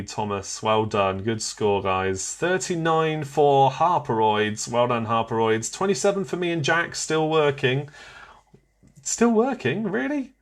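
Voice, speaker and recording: A man hosting a live online quiz, chatting, reading out scores and viewers' comments and laughing often. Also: medium pitch. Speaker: quiz host.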